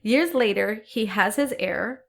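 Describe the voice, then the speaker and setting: A woman co-host with a chatty, easygoing way of talking, walking a friend through a history tale. She laughs often and swears now and then. Her voice sits at a middle pitch. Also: unhurried, gravelly. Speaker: podcast co-host. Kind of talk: casual history storytelling chat.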